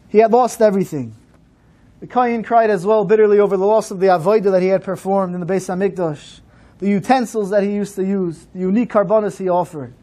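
A man's voice: high voice, darkish tone. A man giving an earnest storytelling address at a memorial program.

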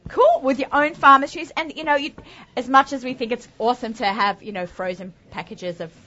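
A woman's voice: high voice, brisk, pushed and bright. An Australian woman hosting a live cooking demonstration, talking chattily and upbeat with lots of asides. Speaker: cooking show host. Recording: dull lo-fi sound.

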